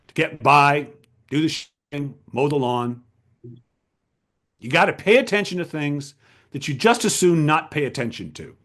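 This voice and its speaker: Male writing coach, high and very expressive, emphatic lecture delivery. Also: unhurried, pauses often. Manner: animated, emphatic, rhetorical questions. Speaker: writing coach giving a talk. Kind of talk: lecture to a writers' group.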